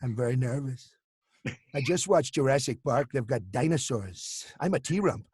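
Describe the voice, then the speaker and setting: Guy putting on a pompous bragging tycoon voice, slow and heavy, dry sound. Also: mid-range voice, lively intonation, darkish tone, husky, dry recording. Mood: nervous. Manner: boastful, slow and ponderous. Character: brash blustering male tycoon politician, middle-aged.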